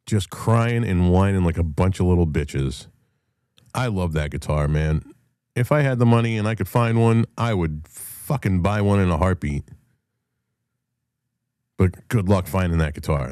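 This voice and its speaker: Middle-aged man, very deep and dark voice, dry sound, blunt and profane solo talk. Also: no room sound. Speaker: show host and rock musician. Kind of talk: casual solo monologue.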